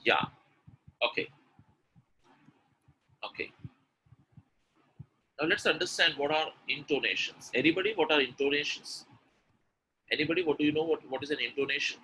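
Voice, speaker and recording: A man's voice: on the high side, normal speed, pauses often, pushed and bright, slight background noise, poor audio. A man teaching pronunciation in a live webinar, coaxing and repeating himself as he speaks to attendees directly. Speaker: English pronunciation coach.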